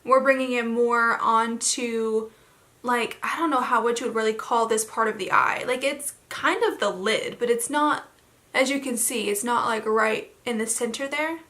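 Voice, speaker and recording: A young woman chatting casually through a makeup tutorial, rambling with lots of fillers and a slightly hoarse throat. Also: on the high side, normal speed, bright, forceful tone. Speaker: beauty vlogger.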